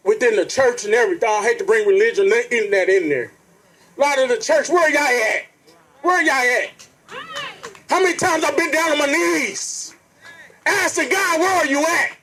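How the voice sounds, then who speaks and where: Over a low-quality recording, a man speaks at a moderate pace in a very high-pitched, slightly bright voice to an outdoor protest rally. His impassioned speech is earnest and preacherly, and he repeatedly addresses the crowd directly, calling out to them.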